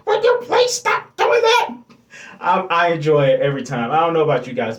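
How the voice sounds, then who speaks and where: A man reviewing a wrestling show for his viewers in a casual, enthusiastic way, often stopping to correct himself. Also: mid-range voice. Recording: echoey room.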